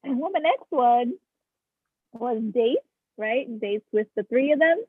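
Breathy woman guest on a tinny line. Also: a little high, expressive, slow, no room sound. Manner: chatty, laughs often, playful. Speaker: podcast guest. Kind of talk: casual chat. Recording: tinny phone-like call audio.

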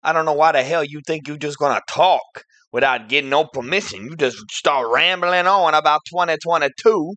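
A man playing a hot-tempered middle-aged comic host, who rants indignantly and yells in bursts. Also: on the high side, a little fast, few pauses, no echo, close to an everyday voice.

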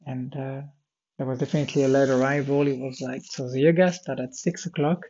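Tired and yawning, a man rambles through his daily audio diary, drifting from topic to topic with plenty of fillers and false starts. His gravelly, slightly husky voice sits at a middling pitch with a warm tone, delivered flatly and a little fast. The recording is slightly muffled and lo-fi.

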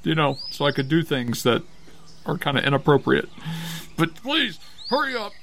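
A man's voice: on the high side, sing-song, moderate pace, gravelly, a bit bright. A man in an improvised comedy play, playing things up melodramatically. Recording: crowd noise behind.

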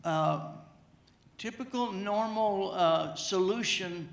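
A gravelly, high-sitting male voice moves at a slow pace as a middle-aged pastor delivers a sermon in a church sanctuary. The echoey hall carries his humorous personal anecdote, full of repeated words.

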